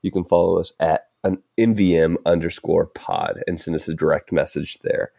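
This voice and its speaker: Brief: male podcast host with a deep voice, easygoing and chuckly, dry booth sound. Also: fairly even intonation, moderate pace, vocal fry, warm tone, dry recording. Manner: laid-back, filler-heavy, chuckling. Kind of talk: casual podcast chat.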